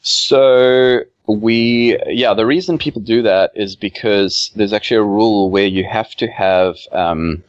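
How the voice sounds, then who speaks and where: Man, very low voice, dull lo-fi remote audio, dry sound, rambling with lots of ums. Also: a little slow, hardly any pauses, dry recording. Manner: rambling, many fillers. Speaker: game developer guest. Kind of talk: casual podcast interview.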